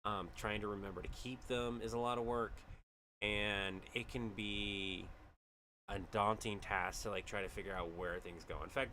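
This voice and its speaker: Man streamer, casual rambling chat, bright tense tone, slightly low voice. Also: slight background noise. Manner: rambling and jokey, with frequent fillers.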